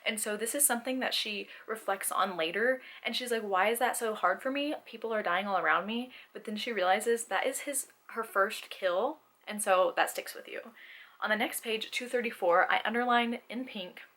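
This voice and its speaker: A woman's voice: medium pitch, normal speed, fairly bright tone. A woman chatting casually about a novel, reading her annotations aloud in an earnest, gushing way. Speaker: book video creator.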